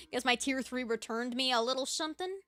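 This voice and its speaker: A woman's voice: high-pitched, fairly bright tone, dry recording. An American woman with a Valley Girl accent, chatting casually on a live stream and giggling as she reads chat. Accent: Californian Valley Girl. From United States. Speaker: VTuber streamer.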